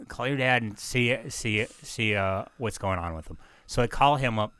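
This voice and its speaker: A man's voice: lowish voice, normal speed, a bit bright, clear, resonant tone. A man co-hosting a podcast, telling rambling stories in casual chat and swearing often. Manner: profane, rambling storyteller. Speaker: podcast co-host.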